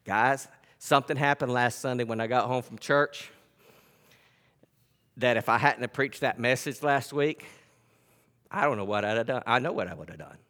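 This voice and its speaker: A male pastor preaching a sermon. He swings between loud, emphatic scripture reading and quiet, conversational storytelling. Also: mid-range voice, moderate pace, pauses often, big-room sound. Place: church sanctuary.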